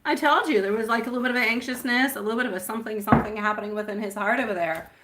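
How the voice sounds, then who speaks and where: A woman's voice: fairly high pitch, rapid-fire, very noisy. A French woman hosting a live tarot reading, addressing viewers affectionately with pet names. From France. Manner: affectionate, calls viewers sweetie pie. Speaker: tarot reader.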